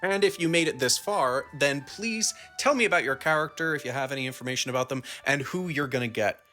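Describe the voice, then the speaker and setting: A man giving advice to game masters in a lively, joking way, talking straight to the viewer. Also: mid-range voice, fairly quick, soft background music. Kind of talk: advice video talk.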